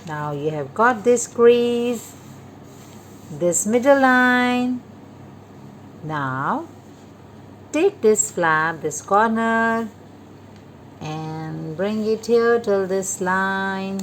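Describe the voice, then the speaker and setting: A woman calmly guiding children through a paper-folding craft step by step, repeating each instruction. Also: mid-range voice, drawn-out words, long pauses, slight background noise. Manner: patient, repetitive instructions to children. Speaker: craft teacher.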